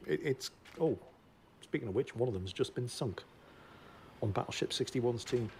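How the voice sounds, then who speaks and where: A man's voice: medium pitch, normal speed, pauses often, husky. A man giving casual commentary over a naval battle game, often breaking into laughter as he talks. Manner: giggly, laughs often through his commentary. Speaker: gameplay commentator.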